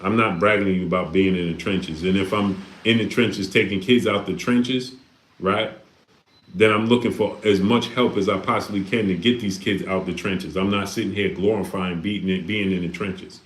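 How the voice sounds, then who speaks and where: A man's voice: low-pitched, fairly even intonation, normal speed. A man hosting a livestream, talking casually and preaching with repeated rhetorical questions. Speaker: live stream host reading Super Chats. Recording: echoey room.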